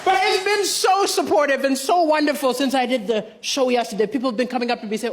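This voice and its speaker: A man from Malawi doing a stand-up comedy set, telling deadpan stories with punchlines on a big theatre stage. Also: extremely high pitch, quick pace, hardly any pauses. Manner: deadpan storytelling, punchlines to a laughing crowd. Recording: loud live crowd and applause in a big theatre.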